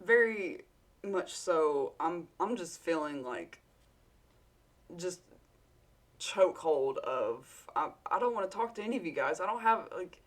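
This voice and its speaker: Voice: medium pitch, animated, measured pace. Casual vlogger with a Southern US drawl, rambling and candid, swearing freely while telling a work story.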